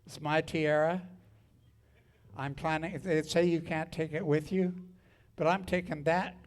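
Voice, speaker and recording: Frank, slow-talking older man on stage. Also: fairly high pitch, steady tone. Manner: frank, salty and wry, with crude jokes. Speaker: singer and storyteller on stage. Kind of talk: spoken storytelling between songs at a live show. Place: live music venue.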